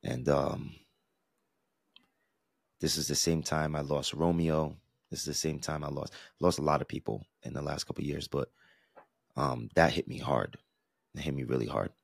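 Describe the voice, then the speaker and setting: A man's voice: a bass voice, fairly even intonation, moderate pace, creaky, pauses often, no echo, clean studio sound. A man in his thirties from the US East Coast, hosting a podcast and telling a personal story in an earnest, reflective way with frequent restarts. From New York–New Jersey area, US East Coast. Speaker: podcast host.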